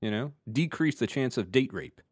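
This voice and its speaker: Lively man with a dry close voice. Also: medium pitch, breathy edge, no echo. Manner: animated, quick agreeing interjections; self-deprecating about doing accents. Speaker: podcast co-host. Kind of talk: casual conversation.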